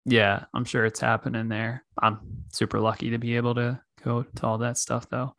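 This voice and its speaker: A man hosting a podcast, chatting in an easygoing, measured way. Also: mid-range voice, level tone, vocal fry, fairly bright tone, dry recording, clean studio sound. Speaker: podcast host. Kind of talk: casual chat.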